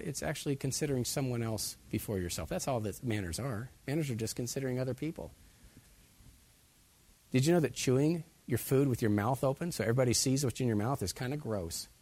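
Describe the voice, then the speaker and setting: A man's voice: mid-range voice, slightly rough. A man preaching a sermon as pastor, putting many direct questions to his listeners.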